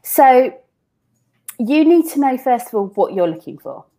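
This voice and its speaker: A woman's voice: high voice, big pitch swings, measured pace, warm tone. A woman talks through her working life in a casual interview. She is chatty and loose, often stopping to restart or repeat a word before carrying on. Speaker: business owner guest.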